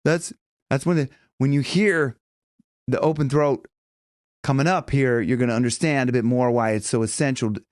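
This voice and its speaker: A man teaching a casual singing lesson, chatting loosely and breaking into high sung examples and bits of vocal fry. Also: steady tone, normal speed, darkish tone, no echo, studio quality. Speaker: vocal coach.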